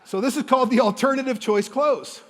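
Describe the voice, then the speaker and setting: A man telling a motivational sales story on stage to a live audience, animated and enthusiastic, acting out the dialogue. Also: extremely high pitch, a little fast. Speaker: motivational speaker and sales coach. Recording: long hall reverb.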